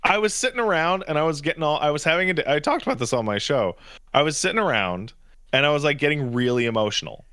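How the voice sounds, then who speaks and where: A man co-hosting a podcast, casually telling animated stories and throwing joking insults. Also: a little high, quick pace, no echo, studio quality. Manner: animated storytelling, jokey insults. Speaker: podcast co-host. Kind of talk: casual chat.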